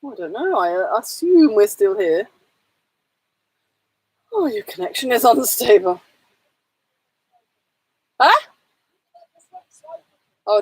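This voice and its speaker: A woman's voice: medium pitch, husky, no room sound. A woman co-hosting a casual livestream chat from a narrowboat, giggly and chatty. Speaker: livestream co-host. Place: narrowboat cabin.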